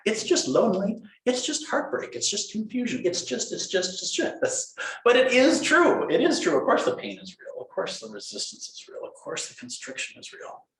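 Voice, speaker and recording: Animated man giving a dharma talk. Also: high-pitched, moderate pace, few pauses. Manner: animated, playful, acts out inner voices. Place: meditation hall. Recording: roomy hall echo.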